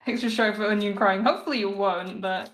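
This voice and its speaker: A woman's voice: medium pitch, fairly even intonation, a little fast. A woman live-streaming while cooking, chatting casually and giggling as she rambles to her viewers, picked up by a phone mic in an echoey home kitchen. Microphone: phone mic, moving around away from it. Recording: echoey room audio.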